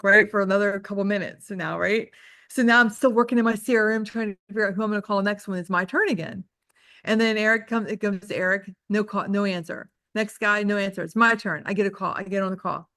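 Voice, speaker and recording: A woman coaching a group in a loose, chatty way, full of "like" and candid self-deprecating asides. Her voice is mid-pitched for a woman. The sound is close and dry, with almost no room echo. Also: fairly bright tone. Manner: chatty storytelling, heavy use of "like". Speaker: real estate trainer. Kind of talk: casual group coaching talk.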